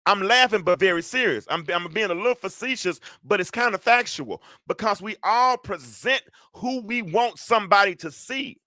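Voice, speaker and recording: A man's voice: high voice, animated, normal speed, hardly any pauses, pushed and bright, dry recording, clean studio sound. A middle-aged man hosting a solo talk show in a preachy, joking way, speaking straight to his audience and calling for amens. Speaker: host.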